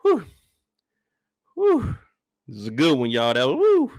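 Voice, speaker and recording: Animated man ranting about a TV episode. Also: mid-range voice, fast, no room sound, clean studio sound. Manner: animated, profane, laughing often. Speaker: show reaction host. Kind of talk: comedic TV episode reaction rant.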